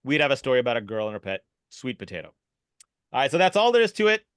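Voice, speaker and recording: A man, a podcast guest and improv keynote speaker, explaining an exercise with animated energy over a video call. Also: mid-range voice, smooth, dry recording. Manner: animated, fast-talking.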